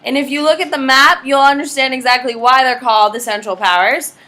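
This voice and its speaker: A woman gives a history lecture in a bright, slightly high voice, joking with the class and quizzing students by name. She is recorded from across an echoey classroom, with faint ambience behind her. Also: fairly quick, recorded from a distance. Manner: lively, casual, jokey, quizzes students by name. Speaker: history teacher.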